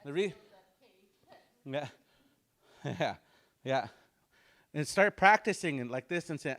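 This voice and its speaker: A man with a slightly high, expressive and fairly bright voice teaches a language class. He explains pronunciation slowly and patiently, repeating sounds aloud for his students to copy and chuckling often.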